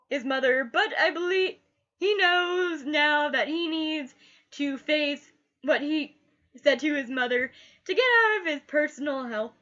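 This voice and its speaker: A woman with a bright, high voice talks through a TV episode at an unhurried pace. She gushes and often repeats the last word she said. The recording is a little dull and lo-fi. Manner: gushing, repeats last words like an echo. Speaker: TV reviewer. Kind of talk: casual spoken review.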